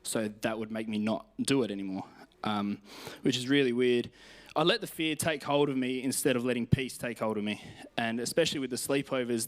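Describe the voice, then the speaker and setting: A young man with an Australian accent preaching a sermon in a chatty, self-deprecating way, telling personal stories and reading scripture. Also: medium pitch. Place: church stage.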